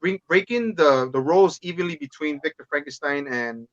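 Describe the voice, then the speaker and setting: A man's voice: on the high side, normal speed, no room sound. A man guesting on a podcast over a call, talking about movies in a loose, rambling way. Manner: rambling, lots of "man" and restarts. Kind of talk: casual movie chat. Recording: slightly dull dry sound.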